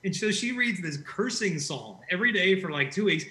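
A man's voice: high voice, animated, a little fast, sharp tone, roomy sound, poor audio. A man speaking as a guest, telling stories animatedly and acting out the quoted lines. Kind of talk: conversational faith discussion.

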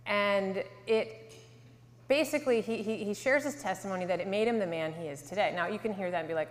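A woman in her thirties from Connecticut telling her faith story to a live audience, earnest, sometimes dropping to a soft hush. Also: medium pitch, fairly quick. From Connecticut, USA. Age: 30s. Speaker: speaker giving a testimony. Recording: hall reverb.

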